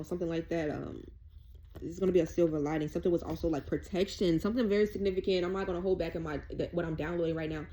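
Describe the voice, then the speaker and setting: A woman reads tarot cards in a rapid, rambling, casual way. Her voice is mellow and darkish, and she sounds emotional and at times tearful as she speaks. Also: lowish voice, a little hiss or hum. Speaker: tarot reader. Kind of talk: tarot reading.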